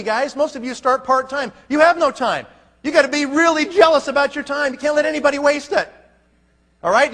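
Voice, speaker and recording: A man's voice: high-pitched, a bit bright. A man giving a folksy motivational speech to a live audience, punchy and full of rhetorical questions. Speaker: network marketing leader. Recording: long hall reverb.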